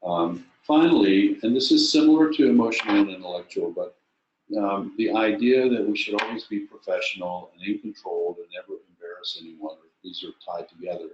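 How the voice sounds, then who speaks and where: A man giving a leadership coaching webinar, talking in a thoughtful, halting way with many fillers and restarts. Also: low voice, slight background noise. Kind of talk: webinar presentation. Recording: echoey, dull lo-fi webinar audio.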